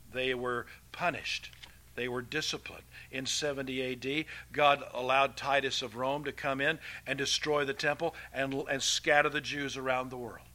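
A man preaching a sermon with animated delivery, swinging from loud emphatic passages to quiet, hushed ones. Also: medium pitch.

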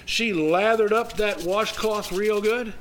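An older pastor preaches a sermon in a folksy storytelling manner. His fairly high voice climbs on the emphatic points. A faint hiss of noise sits under the recording. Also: slow pace, fairly bright tone, low-quality recording.

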